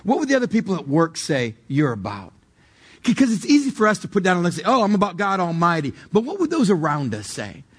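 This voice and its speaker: A man's voice: sits high, wildly swooping pitch, a little fast, breathy edge. A male pastor delivering a sermon in a conversational, emphatic way, asking the congregation direct questions.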